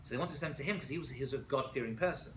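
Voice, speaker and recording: A man teaching a lively class as a rabbi, telling stories with acted-out quotes and checking in with frequent asides. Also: mid-range voice, racing. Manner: animated storytelling with acted quotes, many "right?" asides. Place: college classroom. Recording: echoey room, faint noise.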